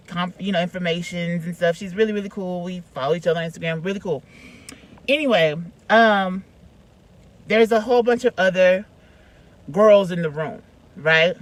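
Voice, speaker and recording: A woman vlogger telling a casual story in a chatty, slangy way, swinging between hushed and loud. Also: mid-range voice, moderate pace, rough recording. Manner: chatty, slangy, lots of "like" and "you know".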